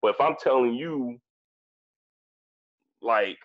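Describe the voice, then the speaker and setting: A man's voice: medium pitch, slow pace, lo-fi sound. A man in his forties, a guest in a casual discussion, talking emphatically with frequent profanity and repeating phrases as he thinks aloud. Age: 40s.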